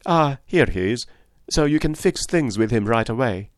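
A man reading an audiobook voices a shy young woman with a slight German accent who speaks gently and politely. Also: mid-range voice, expressive, moderate pace, dry recording, studio quality, pitched above the performer's own voice, natural voice. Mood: welcoming. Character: young woman innkeeper's daughter, shy, gracious.

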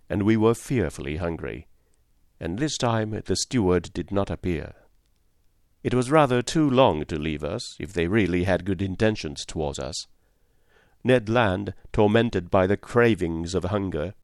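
A man narrating a classic novel in a measured, formal first-person style. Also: sits low, no room sound, studio quality. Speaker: audiobook narrator.

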